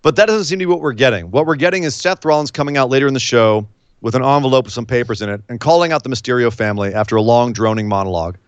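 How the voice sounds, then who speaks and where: A man's voice: mid-range voice, rapid-fire, clean tone, dry recording, lo-fi sound. A man co-hosting a podcast, recapping wrestling in casual chat and acting out quotes in voices. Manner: animated, acts out quotes in voices. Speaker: podcast co-host.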